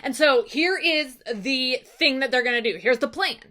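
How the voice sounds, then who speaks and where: Animated woman teacher, chatty classroom delivery. Bright, forward tone. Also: sits high, moderate pace. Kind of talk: casual lesson recap.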